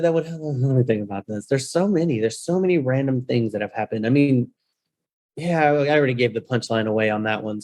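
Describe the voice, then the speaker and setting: A man of Mexican heritage, a rental-business guest on a podcast, telling a story in a playful, animated way with acted-out quotes. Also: medium pitch. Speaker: guest, short-term rental host. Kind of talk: casual storytelling.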